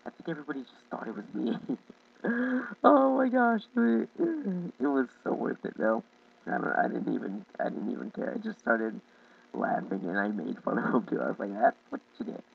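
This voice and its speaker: A man telling a childhood story in a casual vlog, rambling, halting and often breaking into laughter. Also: medium pitch, sing-song, vocal fry, slightly rough, recorded from a distance, narrow, tinny audio. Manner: rambling, giggly, halting with many restarts. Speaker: YouTube storyteller.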